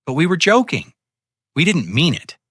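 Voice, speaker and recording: Picture a panicked grown daughter, shrieking and pleading in a raised, sharp storybook voice, as a man narrating puts her on. The dry, close sound keeps every cry right up front. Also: a little high, sing-song, moderate pace, dry recording, voice pushed up.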